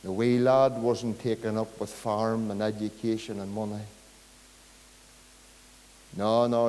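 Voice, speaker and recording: Amid the long hall reverb of a church, a man with a Northern Irish accent preaches, telling a story that grows into impassioned pleading with his listeners. He has a lowish, slightly mellow voice, with slight background noise.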